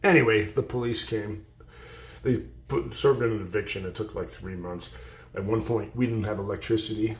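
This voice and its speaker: A livestream host telling rambling, profane stories in a blunt way. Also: male voice, fairly low pitch, normal speed. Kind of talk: storytelling on a livestream. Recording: roomy echo.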